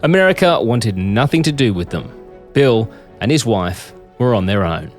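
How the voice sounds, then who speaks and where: A man's voice: fairly low pitch, very animated, moderate pace. Male podcast host narrating over faint music. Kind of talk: scripted narration.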